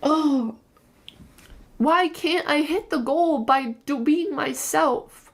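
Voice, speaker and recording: A woman's voice: sits high, takes it slowly. A young woman streamer venting to her chat, frustrated, swearing and rambling.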